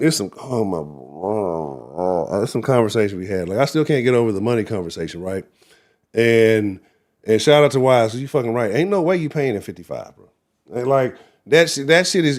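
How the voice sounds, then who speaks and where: A young adult man, hosting a live-streamed sports talk show in a heated, profane rant. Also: medium pitch.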